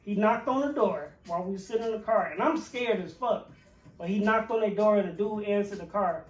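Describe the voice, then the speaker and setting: A man's voice: sits high, fairly quick. A man, a chef and podcast co-host, telling a rambling, profane story in casual chat with many fillers. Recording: roomy, distant mic with faint music.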